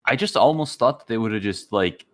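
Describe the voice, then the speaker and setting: Deep-voiced guy co-hosting a chill podcast, telling stories in an easy drawl. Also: brisk. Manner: relaxed storytelling, acts out game dialogue. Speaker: podcast co-host. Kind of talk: casual chat.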